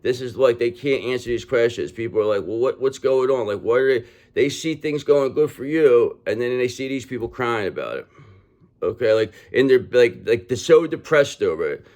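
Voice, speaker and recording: A man in a casual tarot reading, talking in a mid-range voice with blunt, emphatic delivery. He swears freely and keeps checking in with "okay?" after nearly every point. His manner is rough and conversational, like a straight-talking reader speaking to his viewers. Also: medium pitch, expressive, moderate pace, a little mellow.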